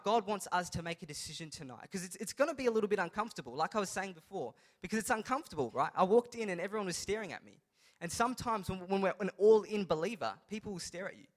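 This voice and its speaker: A young man, a youth pastor telling a funny story and rising into energetic, emphatic preaching. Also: sits high. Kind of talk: sermon. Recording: reverberant hall.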